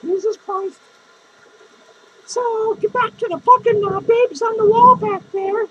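Man voicing a lonely female clown, very high squeaky voice, drunk, rambling, swearing nonstop. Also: fairly even intonation, unhurried, bright, forceful tone, muffled recording, slight background noise, full character voice. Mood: cranky. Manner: cursing constantly, rambling, grumbling. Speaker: podcast host character. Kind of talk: improvised comedy monologue.

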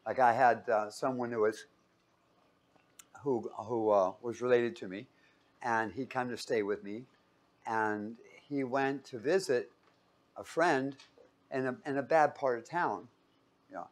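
A man's voice: medium pitch, unhurried, pauses often. A man giving an informal Bible teaching in a room with a whiteboard, casual and joking, often putting questions to his listeners.

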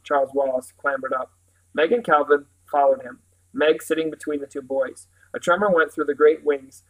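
A man reads a novel aloud in a slightly high, steady voice, now and then stopping to correct a word. The reading is plain and even. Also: low-quality recording. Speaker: reader.

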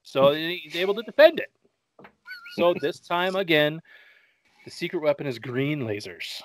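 A man's voice: fairly high pitch, expressive, unhurried, a little hiss or hum. A man hosting a casual movie-review podcast, rambling through the plot with jokes and swearing. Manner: joking, profane, rambling. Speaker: podcast host.

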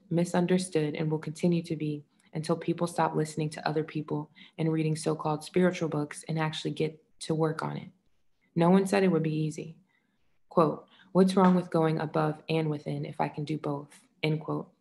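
A woman reading a nonfiction book aloud in a measured way, saying the quote marks out loud. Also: low-pitched, vocal fry. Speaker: audiobook reader.

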